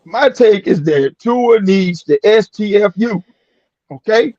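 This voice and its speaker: A man's voice: high-pitched, animated, slow pace, darkish tone, dry recording. A man on a sports panel, blunt and joking crudely, laughing often. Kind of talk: casual sports talk. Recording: dry, dull lo-fi audio.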